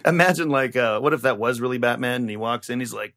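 A man's voice: mid-range voice, fast. A man co-hosting a comedy podcast, rambling and swearing in casual chat. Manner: profane, rambling, animated. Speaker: podcast co-host.

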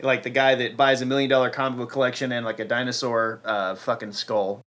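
A man's voice: mid-range voice, level tone, a little fast, a bit bright. A man co-hosting a casual podcast, joking, laughing often and acting out silly voices for characters. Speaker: podcast co-host. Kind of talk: casual comedic chat.

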